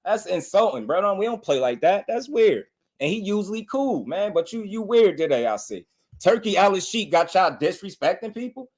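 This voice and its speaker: A man's voice: high voice, big pitch swings, normal speed, a little mellow. Blunt man in his thirties scolding chat. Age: 30s. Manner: blunt, scolding, repetitive, slangy. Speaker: boxing podcast host. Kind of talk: live-stream commentary, addressing chat.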